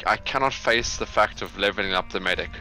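A man co-hosting a gaming video, excitable and swearing, his voice jumping up when things happen. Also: fairly low pitch, a little fast, soft background music, poor audio. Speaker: gaming channel co-host. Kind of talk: casual gameplay banter.

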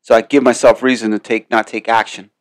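A man's voice: mid-range voice, level tone, brisk, dry recording. A man hosting a podcast, giving a casual motivational monologue in a rambling, emphatic way full of swearing. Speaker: podcast host.

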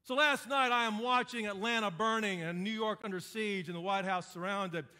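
A man's voice: sits high, fairly even intonation, normal speed, pushed and bright. A man preaching a sermon as pastor, building points through emphatic repetition and dry sarcasm.

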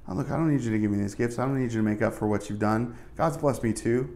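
A man's voice: medium pitch, fast, creaky, mellow, close to an everyday voice. A man doing an easygoing forgiving older brother. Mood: reassuring. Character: generous older brother, warm and reassuring.

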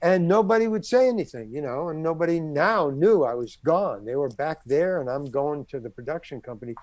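An older man sits as the guest on an interview show and tells a long story from his working life. He acts out the people in the story as he goes. His voice sits a little high for a man, and the recording is dry and close with no room sound. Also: lively intonation, a little fast, a little mellow, dry recording.

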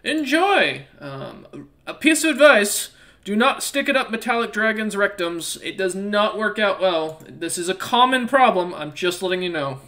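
A man voicing a smooth-talking male merchant with cheerful salesman patter. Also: high voice, lively intonation, normal speed, sharp tone. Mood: sly bargaining.

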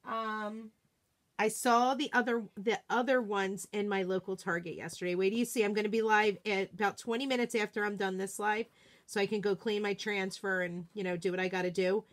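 A woman hosting a live crafting demo, chatting excitedly and talking to herself as she works. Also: mid-range voice, a little fast. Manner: excitable, gushing, talks to herself while working. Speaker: craft demonstrator, live streamer.

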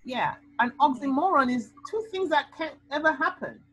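A woman tutor teaching an SAT lesson over a video call, explaining with lively, animated delivery. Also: high voice, normal speed, no echo, poor audio. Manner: lively, animated explaining with sound-word outbursts.

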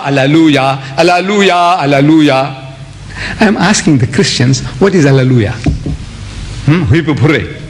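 Animated man lecturing, spelling words aloud. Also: a little high, slight background noise. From India, raised in South Africa. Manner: animated, spells words out letter by letter, mimics others. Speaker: Islamic lecturer. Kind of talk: public religious lecture.

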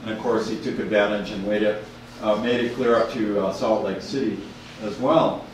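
A man lectures about slides in a loose, halting way, restarting his sentences often. He is picked up from afar in a very echoey room, with faint room noise behind. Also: fairly low pitch, fairly even intonation, distant mic. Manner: rambling, hesitant, many restarts. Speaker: university professor giving a talk.

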